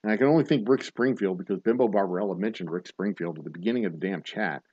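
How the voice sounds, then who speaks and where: A man hosting a livestreamed bar trivia night, reading questions slowly and joking casually with some swearing. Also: on the low side, darkish tone, breathy edge, no echo, dull audio. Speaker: trivia host.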